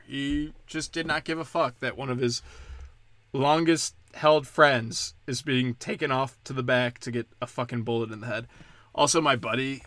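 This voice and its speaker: A man's voice: mid-range voice, a bit bright, no room sound. Sarcastic, foul-mouthed man on a podcast. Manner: profane, sarcastic, rambling. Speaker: podcast host. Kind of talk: casual rambling monologue.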